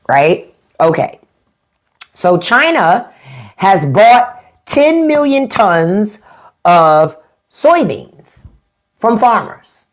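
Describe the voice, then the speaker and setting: Blunt, mocking livestream host with a lively voice. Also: male voice, high voice. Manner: blunt, mocking, profane, talks back to chat comments. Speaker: podcast host on a live stream. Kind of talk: unfiltered political rant to live chat.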